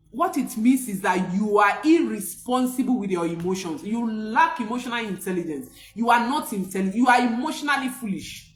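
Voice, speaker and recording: A woman's voice: medium pitch, expressive, normal speed, hardly any pauses, echoey room. A woman parenting coach, giving an emphatic motivational talk with preacher-like repetition. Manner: emphatic, preacher-like repetition, rising to near-shouts.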